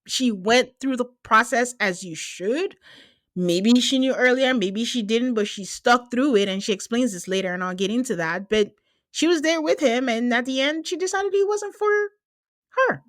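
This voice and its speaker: A woman hosting a podcast, recapping a reality show in casual, animated chat, laughing and mimicking people as she quotes them. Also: fairly high pitch, normal speed, no room sound. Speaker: podcast host.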